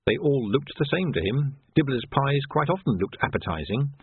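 A man reads a comic story aloud with wry, expressive timing. His voice rises and falls a lot and is slightly husky. The recording is dry and narrow, like a phone line. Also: mid-range voice, moderate pace, dry recording. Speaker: audiobook narrator. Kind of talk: storybook narration.

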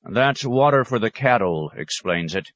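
A man voicing a clever male scholar who speaks in a courteous, measured, diplomatic way. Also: fairly low pitch, lively intonation, a bit bright, no room sound, muffled recording, pitched above the performer's own voice. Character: polite, clever male scholar, a traveling outsider.

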